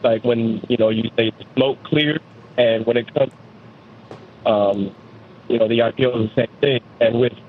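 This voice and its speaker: A man's voice: mid-range voice, steady tone, normal speed, pauses often. A man from Georgia calling in to a show, polite and hesitant with lots of fillers, heard over a phone line. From US state of Georgia. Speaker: caller. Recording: tinny phone line with faint hiss.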